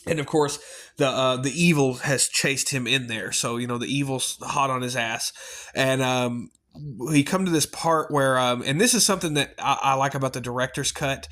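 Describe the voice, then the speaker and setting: Male reviewer, mid-pitched voice, casual and rambling, swears freely. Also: moderate pace, a bit bright. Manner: rambling and chatty, with many fillers and casual swearing. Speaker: movie reviewer. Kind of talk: casual spoken movie review.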